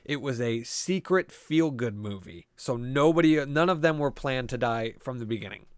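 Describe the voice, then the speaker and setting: A man's voice: medium pitch, lively intonation, moderate pace, smooth, dry recording, studio quality. A man co-hosting a podcast, casually recapping a movie scene by scene with a lot of swearing and rambling. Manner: profane, rambling storyteller. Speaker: podcast co-host.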